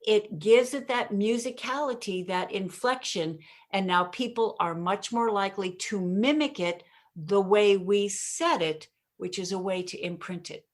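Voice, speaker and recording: A woman giving a podcast interview as a communication coach, speaking emphatically, pausing and punching key words, often addressing the host by name. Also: mid-range voice. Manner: emphatic, deliberate punchy delivery with pauses.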